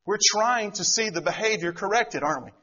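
A man's voice: high voice, animated, brisk, sharp tone, dull audio. A middle-aged man preaching a sermon, who keeps asking the congregation rhetorical questions. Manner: asks rhetorical questions, acts out quoted voices. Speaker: pastor.

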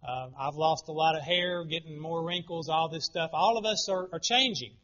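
A middle-aged man gives an earnest sermon in a bright, forceful voice pitched a little high. He often repeats a word as he starts a phrase. The recording sounds dull and lo-fi. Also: moderate pace. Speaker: preacher.

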